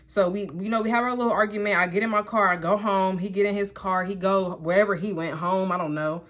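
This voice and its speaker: A woman's voice: lowish voice, brisk, few pauses. A young woman vlogger telling a personal story in a casual, chatty way while doing her makeup. She talks straight to her viewers and fills her sentences with asides and "like.". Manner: chatty, animated storytelling that addresses the viewers directly; frequent "like" fillers and asides.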